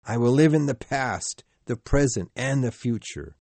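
A man's voice: mid-range voice, animated, a little slow, gravelly, darkish tone, no room sound. A man reading a storybook and voicing a frightened old miser who begs and cries out. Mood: earnest. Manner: pleading, rising to anguished cries.

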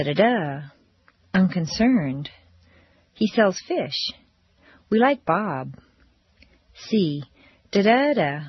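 Slow, husky woman with lively intonation. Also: lowish voice, no echo. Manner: slow, deliberate, exaggerated intonation. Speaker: pronunciation teacher. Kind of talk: recorded pronunciation drills. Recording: dull dry lo-fi recording.

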